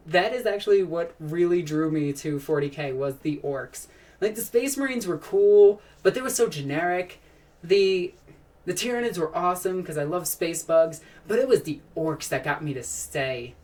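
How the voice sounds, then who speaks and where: Rambling woman streamer, low voice, distant mic. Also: expressive, moderate pace, darkish tone. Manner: rambling and enthusiastic, with frequent sighs and restarts. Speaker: live streamer answering chat. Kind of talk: casual live-stream chat.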